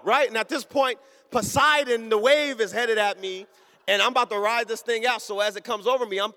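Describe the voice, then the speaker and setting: High-pitched guy preaching, lots of call and response, echoey church. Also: brisk. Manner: animated storytelling, call-and-response. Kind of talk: sermon. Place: church sanctuary.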